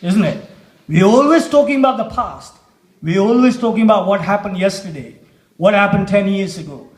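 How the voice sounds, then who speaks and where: A man giving a motivational talk at a festival, posing slow, deliberate rhetorical questions to the audience. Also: high voice, lively intonation. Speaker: motivational speaker. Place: music festival stage. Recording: echoey live stage sound.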